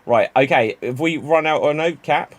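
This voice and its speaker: A man's voice: a little high, no room sound. Man hosting an improv stream. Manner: chatty, laughs at jokes, quick to move on. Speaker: improv show host. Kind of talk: improv comedy stream, calling on players.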